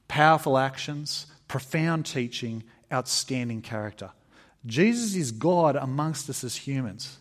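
A man preaching a sermon in an emphatic, conversational way, with fillers and restarts. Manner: expressive, emphatic preaching with varied pitch. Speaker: pastor.

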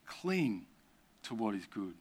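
A man's voice: fairly low pitch, big pitch swings, slow. A man preaching a sermon to a church gathering, earnest and conversational, with casual asides.

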